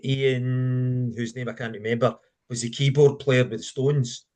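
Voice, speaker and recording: A man's voice: mid-range voice, little pitch movement, measured pace, a little mellow. Man giving his opinion. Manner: thoughtful, opinionated, hesitant starts. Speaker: radio station manager, guest. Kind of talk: casual panel chat.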